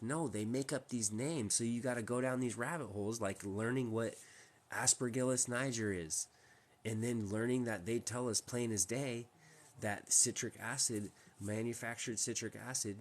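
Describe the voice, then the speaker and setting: A man hosting a casual live stream from home, talking in a rambling, emphatic way with many restarts. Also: medium pitch. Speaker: livestream host.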